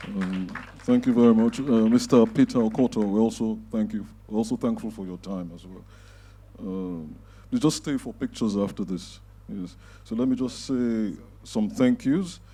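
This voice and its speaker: Dark-voiced man hosting. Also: lowish voice, slightly rough. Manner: measured, with frequent filler pauses. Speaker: event host. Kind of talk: closing remarks at a panel event. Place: event hall before a live audience.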